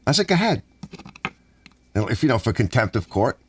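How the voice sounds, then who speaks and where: A man's voice: on the low side, expressive, racing, slight background noise. A middle-aged man telling meandering personal stories and acting out the dialogue of the people in them. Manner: meandering, acts out dialogue, frequent restarts. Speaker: channel host. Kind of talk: rambling personal storytelling.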